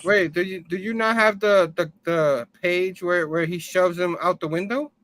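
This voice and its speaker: A man co-hosting a casual comic book chat, chatty and quick to laugh. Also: high voice, steady tone, fairly bright tone. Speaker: podcast co-host.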